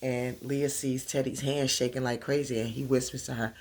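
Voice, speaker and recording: A woman in a casual recap vlog, losing her voice, telling the story in an animated way and acting out the characters' lines. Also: very deep voice, normal speed. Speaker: TV recap vlogger.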